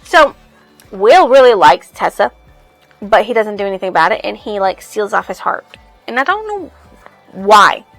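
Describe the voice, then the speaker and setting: A woman's voice: mid-range voice, very animated, moderate pace, creaky, long pauses, a bit bright, soft background music, poor audio. A woman in a casual book review, retelling the story in a rambling way full of "she's like".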